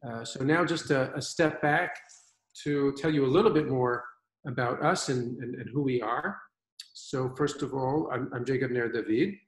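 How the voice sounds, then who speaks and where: A man's voice: medium pitch, moderate pace, echoey room, low-quality recording. A man presenting his wine fund on a video call from his own winery, upbeat and confident. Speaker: fund managing partner presenting.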